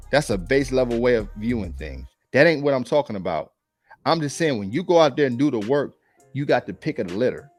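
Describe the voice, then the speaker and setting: A man's voice: mid-range voice, darkish tone. Blunt, slangy male dating commentator. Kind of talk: casual reaction commentary.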